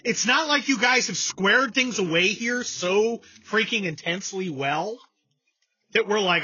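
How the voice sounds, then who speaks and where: A man talking through a casual political chat, his voice husky and bright, his pitch swinging widely as he rants and mocks. The recording sounds dull and lo-fi. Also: measured pace, no room sound. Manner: sarcastic, animated, mocking impressions. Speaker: podcast host.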